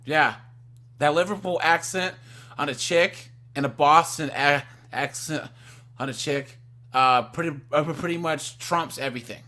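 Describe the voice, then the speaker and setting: A man's voice: fairly high pitch, unhurried, sharp tone. A man hosting a casual live stream, giving blunt opinions with lots of stumbling restarts.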